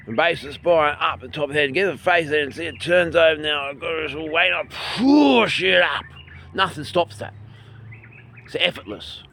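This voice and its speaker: An Australian man leading a qigong and breathing lesson outdoors by a bay, filming on a handheld phone, calm and soft-spoken, his voice sometimes trailing off quietly. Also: medium pitch, a little hiss or hum. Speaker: qigong and meditation instructor. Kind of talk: guided breathing instruction. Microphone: handheld phone, filming himself.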